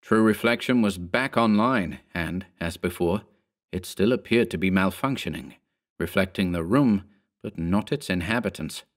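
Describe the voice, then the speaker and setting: A man narrating a horror story in a measured, steady storytelling manner. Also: low-pitched. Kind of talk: scripted horror audiobook narration.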